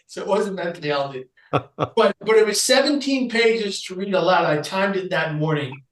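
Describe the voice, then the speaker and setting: A man with a fairly high voice tells a personal story as a podcast guest, acting out the people he quotes with lively energy. He sits back from the microphone, so his voice carries a noticeable echo of the room. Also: distant mic.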